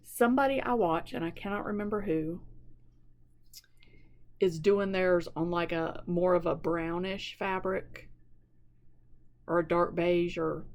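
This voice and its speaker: A woman's voice: lowish voice, a little mellow. A woman, chatting casually to camera about her stitching projects and gushing over patterns. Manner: chatty and gushing, repeats words for emphasis. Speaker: cross-stitch vlogger.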